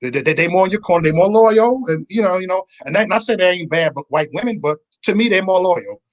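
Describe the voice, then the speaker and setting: Emphatic stammering man, lively pitch. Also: fast. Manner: emphatic, stammering, self-described aggressive. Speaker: panel guest. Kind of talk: casual panel chat.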